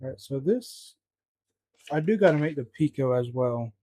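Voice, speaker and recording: A man's voice: medium pitch, expressive, normal speed, warm tone, dry recording. Flustered man muttering in his kitchen. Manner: flustered, muttering, swears often. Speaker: home cook vlogger. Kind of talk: casual talking to himself while cooking. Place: home kitchen.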